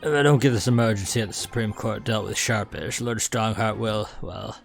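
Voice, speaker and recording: A fawning, flustered police inspector with a thick put-on Cockney accent, as a man voices him, piling on pleasantries in a tumble of words. The voice sits at an everyday male pitch, with faint music under it. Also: fairly even intonation, a little fast, creaky. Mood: hurried. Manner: gushing, over-polite, flustered. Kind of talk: fan voice-acting of a game.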